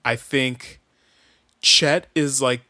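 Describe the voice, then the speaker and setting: A man's voice: mid-range voice, fairly even intonation, drawn-out words, pushed and bright, no echo, clean studio sound. A man co-hosting a podcast in casual chat, laid-back and speculative, swearing now and then. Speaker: podcast co-host.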